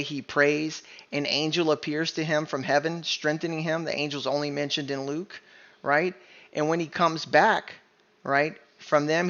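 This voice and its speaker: Man, online Bible teacher, emphatic and insistent, gravelly, muffled home recording. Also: on the high side, fairly bright tone. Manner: emphatic, keeps asking "right?". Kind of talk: screen-share Bible study sermon.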